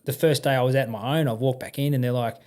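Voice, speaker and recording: A man's voice: medium pitch, very fast. Blunt Australian man telling stories. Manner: blunt, lively anecdotes with frequent restarts and slang. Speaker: podcast guest. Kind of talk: casual conversational storytelling.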